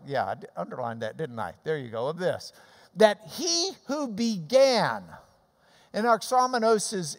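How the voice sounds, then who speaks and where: A man with a high, lively voice delivers an expository sermon, pressing hard on key phrases and dropping to quieter asides. His words ring with long reverb through a church hall. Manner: emphatic, swings from quiet asides to loud stressed phrases, repeats words. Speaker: pastor.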